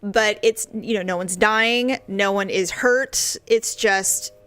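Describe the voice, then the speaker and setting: A middle-aged woman co-hosting a podcast, chatting casually and acting out quoted voices in an animated way. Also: mid-range voice, slow pace, clear, resonant tone. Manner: animated storyteller, acts out quoted voices with big jumps. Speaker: podcast co-host. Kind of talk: casual chat.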